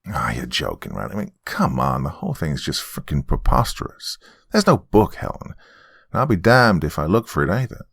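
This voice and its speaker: Scoffy flustered dad, as a narrator puts him on, stammers, dry close voice. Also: male voice, rumbling low, very animated, normal speed, gravelly, fairly bright tone, husky, no echo, heavily acted. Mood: scoffing. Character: dismissive, defensive middle-aged father.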